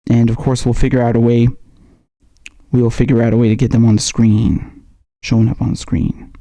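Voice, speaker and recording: A man hosts a relaxed political livestream with a mellow, warm tone. He talks off the cuff to his viewers, repeating himself and dropping slangy asides. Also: medium pitch, normal speed. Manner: loose and chatty, with slangy asides and self-repetition. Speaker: political commentary livestream host. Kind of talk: casual livestream chat.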